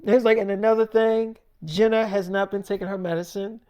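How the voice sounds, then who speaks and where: A man casually telling a personal story, acting out both sides of the dialogue with animated, emphatic delivery and frequent swearing. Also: high voice, a little fast, smooth, highs cut off.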